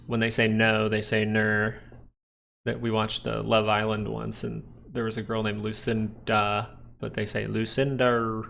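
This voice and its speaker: A man's voice: lowish voice, vocal fry, fairly bright tone. A man hosting a live stock market stream, chatting casually and joking with viewers between comments on the charts.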